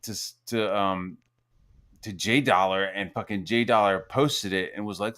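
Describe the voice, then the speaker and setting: This man in his forties hosts a podcast, his low, steady voice fairly bright and unhurried. In easygoing chat he tells a meandering, profanity-laced story, peppered with "like," and performs the quotes of others.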